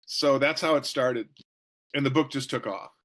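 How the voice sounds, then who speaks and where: Man, middle-aged or older, author guest, animated storyteller, jokey. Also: medium pitch, normal speed. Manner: jokey, animated storyteller who acts out quotes. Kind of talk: storytelling interview answers.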